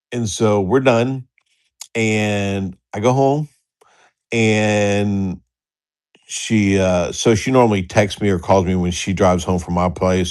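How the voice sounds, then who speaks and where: A middle-aged man with a fairly low voice tells a crude story in a rambling, casual way. He laughs often and acts out the other people's lines as he goes. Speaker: storyteller on a livestream talk show.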